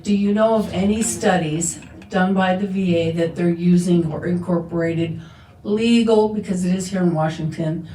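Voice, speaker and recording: A low-pitched, mellow-voiced woman asks a question from the audience, feeling her way through the words. She is heard from far off in an echoey room. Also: fairly even intonation, normal speed, a little hiss or hum. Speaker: audience member asking a question. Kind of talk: conference Q&A.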